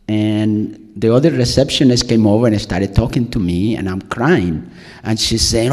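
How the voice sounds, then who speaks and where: A man performing a personal story from a stage at a live storytelling night, speaking into a stage mic. His telling rambles along with plenty of restarts and wry self-mockery, at a middling pitch, and the long reverb of the hall trails after his voice. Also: animated, unhurried, a little mellow.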